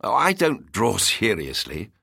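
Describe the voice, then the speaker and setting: A man's voice: fairly low pitch, huge pitch swings, measured pace, gravelly, sharp tone, slightly rough, no room sound, studio quality, exaggerated voice. A man voicing a proud seventeen-year-old young man who answers airily and stiffly. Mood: airy. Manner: airy, stiff.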